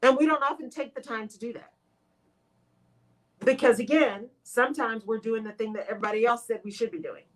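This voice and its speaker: A woman's voice: on the high side, a little fast, low-quality recording. A woman hosting a live radio talk show, speaking expressively to her listeners and acting out her own inner voice.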